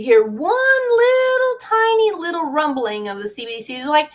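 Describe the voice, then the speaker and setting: A woman travel advisor giving a casual monologue, telling the story with animation, acting out quotes and using dramatic pauses. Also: high-pitched, big pitch swings, dull audio.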